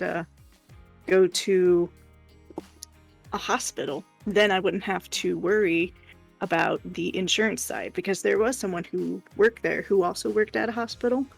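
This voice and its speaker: A woman casually telling a work story on a live stream, animated and exasperated, with some profanity. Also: on the low side, gravelly, breathy edge. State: hiccuping.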